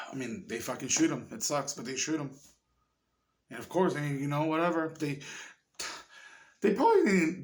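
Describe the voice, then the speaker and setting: Profane, rambling man reviewing a movie. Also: medium pitch. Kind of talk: casual chat.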